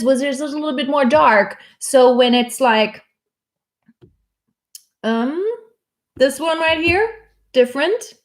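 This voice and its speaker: Over loud background music, a woman singing teacher chats her way through a vocal lesson, breaking off to sing snippets as demonstrations. Her voice is high-pitched, and she takes it slowly with frequent pauses.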